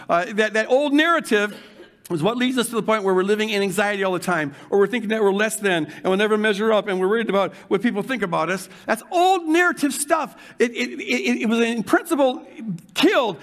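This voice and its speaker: An older man preaching a sermon, moving from fervent shouting to hushed guided imagining. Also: high voice. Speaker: pastor.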